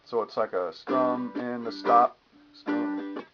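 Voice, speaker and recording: In a lo-fi recording with guitar playing, a man with a medium-pitched voice gives a relaxed guitar lesson at an unhurried pace. He explains strumming patterns and hums the rhythms while demonstrating.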